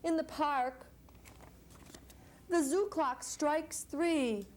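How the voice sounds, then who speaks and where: A woman librarian leading a children's story hour, warm and coaxing as she reads aloud and asks the children questions. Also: sits high, very slow.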